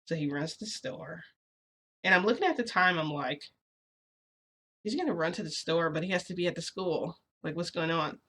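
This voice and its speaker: A woman vlogger chatting casually through a long personal story, rambling with lots of "like" and quick giggles. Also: fairly low pitch, fairly bright tone.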